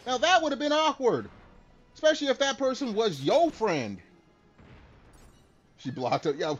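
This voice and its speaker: A man with a high, very lively voice chats loosely with his live-stream audience, cracking jokes and cursing freely. The audio is dull and lo-fi, with faint music playing underneath. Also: moderate pace. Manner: joking, laughing, swears freely. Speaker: streamer talking to chat. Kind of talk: casual live-stream chat with viewers.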